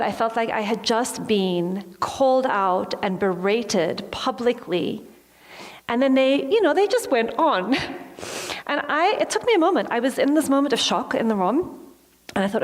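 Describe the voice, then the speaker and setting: A woman's voice: fairly high pitch, animated, takes it slowly. A woman giving a motivational talk to a live audience, telling a personal story and acting out her own reactions. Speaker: motivational speaker. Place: large hall with an audience. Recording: long hall reverb.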